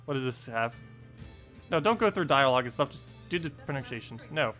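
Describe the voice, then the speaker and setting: Man, casual live-stream host, playful and laughing, very lively intonation, soft music bed. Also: medium pitch, a little fast. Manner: playful, laughs often, keeps repeating a word to test his pronunciation. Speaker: game streamer.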